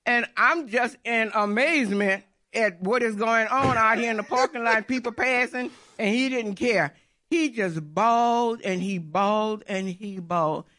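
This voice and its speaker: A woman's voice: a little high, a little slow, fairly bright tone. A middle-aged woman telling a personal faith testimony in an earnest, repetitive storytelling way. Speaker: churchgoer giving testimony.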